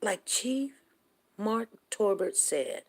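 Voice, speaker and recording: Her voice is medium in pitch with lively intonation, and she talks extremely slowly. She's a show host spinning rambling, folksy stories in a casual monologue, full of restarts.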